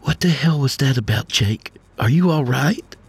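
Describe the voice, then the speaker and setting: A man's voice: mid-range voice, animated, normal speed, husky, pitched above the performer's own voice. A man voicing a frightened young wife and mother, talking in an anxious, sobbing rush. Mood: worried.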